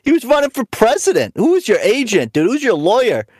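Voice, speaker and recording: A man's voice: very high-pitched, huge pitch swings, brisk, darkish tone, no echo. A man in a casual podcast chat, joking, swearing and cutting in on the others. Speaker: podcast co-host. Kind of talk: casual banter.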